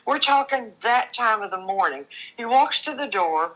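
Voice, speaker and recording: A slightly high, bright voice with lively intonation and a forceful tone belongs to an older woman speaking as a guest on an interview show. She earnestly relates her personal experiences, often breaking off to restart, and the recording is rough.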